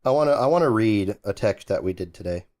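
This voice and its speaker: Laid-back joking man, lowish voice. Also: expressive, fast talker, darkish tone. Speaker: podcast co-host. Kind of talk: casual chat.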